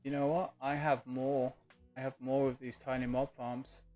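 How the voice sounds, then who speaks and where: A man's voice: mid-range voice, flat delivery, moderate pace, darkish tone. A man streaming a game live, casually thinking aloud and chatting back to his viewers. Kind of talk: relaxed live-stream gaming chat. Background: faint lo-fi music.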